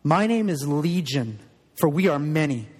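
Man reading a tormented demon spirit, defiant, pleading, higher voice, long echoing church reverb. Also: expressive, a little slow, a little mellow, breathy edge. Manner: pleading, reading scripture aloud.

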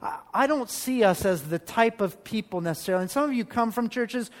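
A man preaching a sermon as pastor, animated, with rhetorical questions and emphatic pauses. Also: high voice.

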